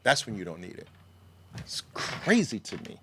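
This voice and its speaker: A middle-aged man giving an emphatic sales pitch for trading education, full of mocking rhetorical questions. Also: huge pitch swings, normal speed, slight background noise. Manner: mocking rhetorical questions, mimics naive traders.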